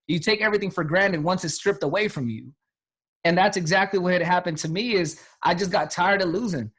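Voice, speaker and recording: A man in his thirties telling a motivational life story, energetic and repetitive, often acting out what others said. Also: sits high, a little fast, breathy edge. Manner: energetic, repetitive, quotes people in acted voices. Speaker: guest speaker.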